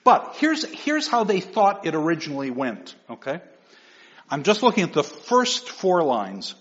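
A man teaches a literature class in an animated, expressive way, his voice sitting a little high. He reads verse aloud with dramatic emphasis. The recording is a muffled, lo-fi lecture tape. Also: unhurried.

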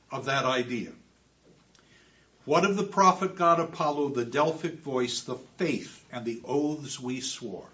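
Male lecturer, high bright voice, emphatic, heard from afar on a dull recording. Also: recorded from a distance. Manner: expressive, with emphatic repetitions. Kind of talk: classroom lecture.

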